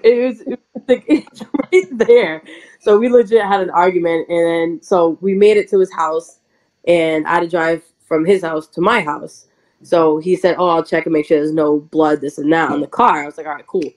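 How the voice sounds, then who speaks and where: A woman pro wrestler telling a story in a casual interview, chatty and animated, full of "like" and quick laughs. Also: low voice, poor audio.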